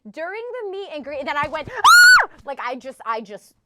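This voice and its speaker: A woman's voice: high-pitched, expressive, quick pace, raised voice, very noisy. A woman in her twenties telling an emotional story in casual chat, full of fillers and close to tears. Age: 20s. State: tearful, overcome with emotion. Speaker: podcast co-host.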